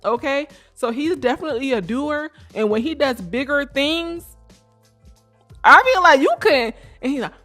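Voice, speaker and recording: A young woman co-hosting a casual podcast with her partner, animated and teasing, with a Black way of talking. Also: sits high, soft background music. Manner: animated, teasing, quick bursts of loud emphasis. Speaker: podcast co-host. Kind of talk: casual couple chat.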